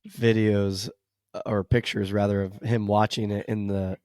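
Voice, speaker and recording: A man's voice: fairly low pitch, little pitch movement, moderate pace, darkish tone, no echo, clean studio sound. A man with an American accent hosting a casual podcast, laughing easily and asking his co-host questions. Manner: laid-back, laughs often, asks questions. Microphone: studio microphone.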